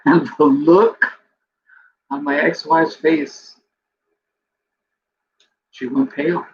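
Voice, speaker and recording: A podcast host telling a personal story in a rambling way, full of fillers like "you know", and emotional to the point of tears. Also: male voice, a little high, fairly even intonation, extremely slow. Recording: dull lo-fi recording with faint background noise.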